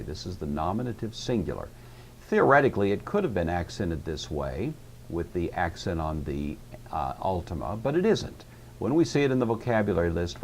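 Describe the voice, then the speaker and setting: Low-voiced male instructor, patient and explanatory lecture delivery, faint room noise behind. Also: a little mellow. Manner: patient, explanatory, with frequent "you see" and "uh". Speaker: Greek teacher. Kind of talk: recorded classroom lecture.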